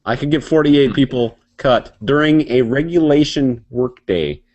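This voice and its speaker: Man, mid pitch, casual storyteller who swears and laughs through his stories. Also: measured pace, highs cut off. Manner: laughing, profane, animated storytelling. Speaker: podcast co-host.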